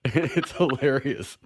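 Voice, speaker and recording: A man's voice: medium pitch, extremely slow, dry recording, studio quality. A man hosting a casual podcast chat. He is loose and profane, laughs often and reads news articles aloud. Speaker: podcast host.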